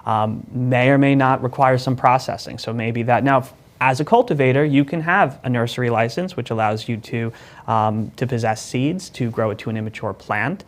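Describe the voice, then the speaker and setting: A man, a guest in an interview, explaining rules in a measured, methodical way with frequent "you know" and "right?". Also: medium pitch. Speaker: cannabis licensing lawyer, guest.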